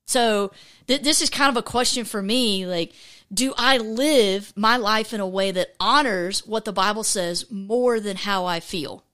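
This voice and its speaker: A woman hosting a casual faith podcast, talking in a chatty, animated way with lots of fillers and restarts. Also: mid-range voice, a little slow. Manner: acts out quoted voices. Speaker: podcast host.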